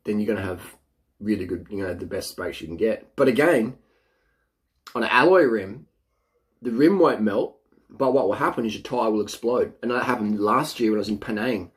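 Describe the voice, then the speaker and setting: Middle-aged man, lowish pitch, blunt and boastful casual advice delivery. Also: brisk. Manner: blunt, boastful, mimics people in a mocking voice. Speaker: cycling vlogger.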